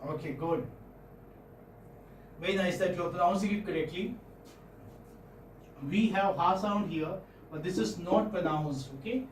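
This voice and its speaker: High-voiced Indian teacher in echoey classroom. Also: male voice, a little hiss or hum. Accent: Indian English. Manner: questions the students, repeats words slowly. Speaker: English phonetics teacher. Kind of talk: classroom lecture. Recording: echoey classroom, far-off mic, faint ambience.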